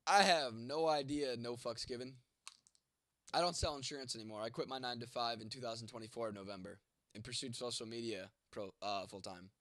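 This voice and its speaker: A content creator of twenty-nine talks to his chat on a late-night stream at home, his voice congested and fading from a cold. He's blunt and swears constantly, and his medium-pitched voice is slightly bright, with no room sound.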